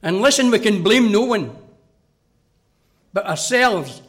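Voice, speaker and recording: A high-pitched man preaches a sermon. He is earnest and direct and speaks straight to the children listening. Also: lively intonation, slow, fairly bright tone.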